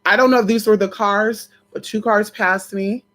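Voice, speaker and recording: A woman vlogger casually telling a personal story to her viewers, animated and full of swearing, often calling them "y'all". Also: medium pitch, moderate pace.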